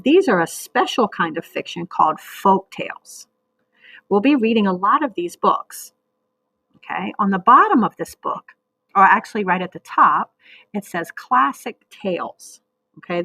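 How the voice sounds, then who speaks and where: Patient woman teacher, husky voice. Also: medium pitch, a bit bright, dry recording, rough recording. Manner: slow, patient, sounds out words. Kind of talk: recorded reading lesson for young children.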